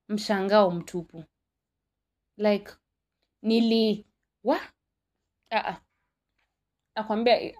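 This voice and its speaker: Animated Kenyan young woman telling a story. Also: on the high side. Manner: dramatic, code-switching, exclamatory.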